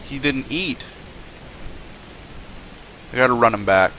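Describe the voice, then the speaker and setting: A man's voice: medium pitch, slow, pauses often, pushed and bright, a little hiss or hum. A young man narrating his gameplay, talking tenderly and emotionally to the animals on screen. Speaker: gaming video host. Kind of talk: let's play commentary.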